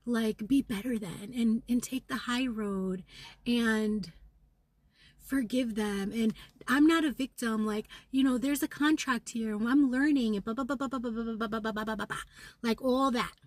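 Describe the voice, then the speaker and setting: A woman's voice: fairly high pitch, no echo. Seething woman vlogging, dry close sound. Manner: intense, swearing, swings between fast outbursts and whispers. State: angry and seething. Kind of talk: raw spiritual vlog monologue.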